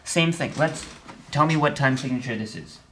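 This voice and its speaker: A man's voice: medium pitch, moderate pace, very noisy. A man teaching an online music theory lesson at a piano, explaining step by step with dry humor and frequent checks of "okay?". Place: room with a piano.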